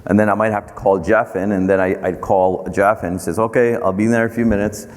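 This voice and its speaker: A man being interviewed about his company, telling a long anecdote in a halting way, with many fillers and restarts. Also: lowish voice, steady tone, long reverb tail. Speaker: company founder and CEO. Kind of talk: storytelling interview.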